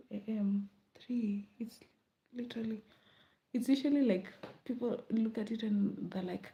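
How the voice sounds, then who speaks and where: A young Kenyan woman with a Kenyan accent chatting casually late at night, rambling and laughing, often dropping to a soft murmur. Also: fairly high pitch, fairly even intonation, measured pace, highs cut off. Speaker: vlogger.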